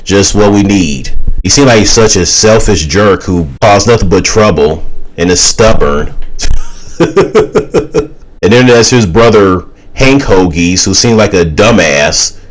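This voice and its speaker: A man's voice: deep voice, animated, measured pace, rough recording. A man giving a casual, exasperated opinion rant as a YouTuber. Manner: exasperated, ranting.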